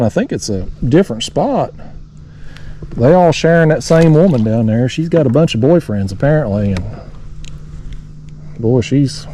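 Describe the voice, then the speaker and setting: Out on a lake beneath a dam, a man fishes from his kayak and chats folksily to the people watching his vlog. He has a dark, mid-range voice, and there's slight hiss or hum in the recording.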